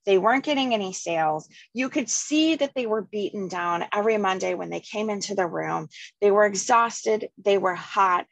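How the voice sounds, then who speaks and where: A woman real estate team leader coaching her agents, telling stories with lively acted-out quotes. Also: medium pitch, moderate pace, vocal fry, no room sound, rough recording. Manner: energetic storyteller, acts out voices. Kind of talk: coaching class, reading and storytelling.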